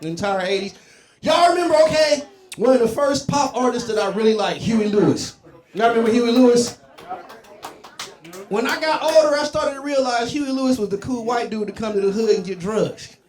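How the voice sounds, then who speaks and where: A man's voice: very high-pitched, expressive, normal speed, darkish tone. A man from Columbus, Ohio, doing a stand-up comedy set, with loose, profane, rambling banter with the crowd, on a club stage with a handheld mic. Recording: echoey club with crowd laughter.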